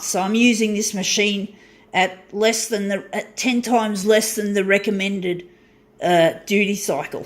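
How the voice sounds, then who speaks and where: A woman vlogging from her small home unit, ranting angrily with lots of swearing and stop-start restarts. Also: mid-range voice. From southern hemisphere. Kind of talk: casual ranting monologue.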